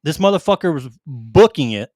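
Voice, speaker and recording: A man, co-hosting a casual podcast and telling stories in a loud, animated way, swearing constantly. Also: on the high side, normal speed, dry recording, clean studio sound. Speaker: podcast co-host, military veteran. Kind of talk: casual profane storytelling.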